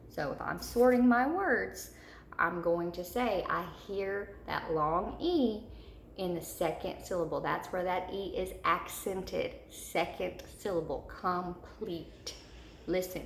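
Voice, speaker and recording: In a recorded spelling lesson for third graders, a woman with a slightly low, gravelly voice repeats each word slowly and patiently. The room echoes, and a faint hiss sits behind her.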